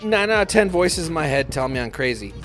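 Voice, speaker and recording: A man's voice: fairly high pitch, very animated, a little fast, a bit bright, soft background music. A young man co-hosting a casual podcast, goofy and joking, with hiccups. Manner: goofy, joking, laughs at own bits. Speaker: podcast co-host. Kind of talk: casual chat.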